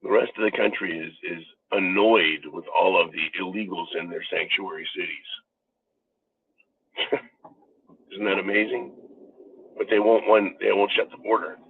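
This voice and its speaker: A man's voice: low voice, steady tone, normal speed, creaky, long pauses, a little hiss or hum. An American man giving a political commentary monologue, emphatic and profane, ranting as the host. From United States. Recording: phone-like narrow band.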